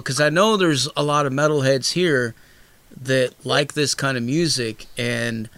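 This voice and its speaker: A man's voice: medium pitch, unhurried, a bit bright, slight background noise. A man hosting a casual interview, rambling and swearing freely with lots of fillers. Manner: loose, profane, rambling with many fillers. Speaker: host.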